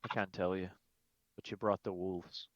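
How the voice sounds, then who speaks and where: A man voicing a bitter, brooding cloaked vigilante in a gruff put-on Irish accent. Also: low-pitched, fairly even intonation, normal speed, dry recording, highs cut off, close to an everyday voice.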